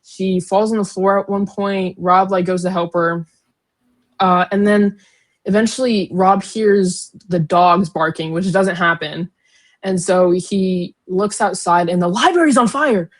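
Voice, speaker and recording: Low-voiced young woman recapping a book. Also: takes it slowly. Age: young adult. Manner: animated retelling, filler-heavy, giggly. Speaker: podcast co-host. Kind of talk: casual book discussion.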